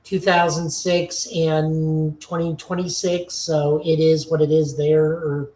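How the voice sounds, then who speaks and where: A woman's voice: low-pitched, little pitch movement, slow, warm tone, a little hiss or hum. A woman co-hosting a casual podcast chat, giving an opinionated, nitpicky review. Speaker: podcast co-host. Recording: roomy echoing recording.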